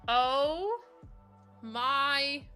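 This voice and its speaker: Young streamer, woman, bright crisp tone, excitable and quick to laugh. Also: high voice, soft background music. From Northern Ireland. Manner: excitable, gushing, breaks into laughter. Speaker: livestreamer. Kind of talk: casual livestream chat.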